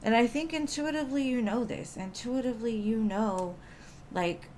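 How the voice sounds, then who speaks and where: A woman's voice: fairly high pitch, moderate pace, a little mellow, slight background noise. Chatty woman giving tarot readings. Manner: reassuring, chatty, many fillers like "like". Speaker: tarot reader. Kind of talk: live-stream tarot reading.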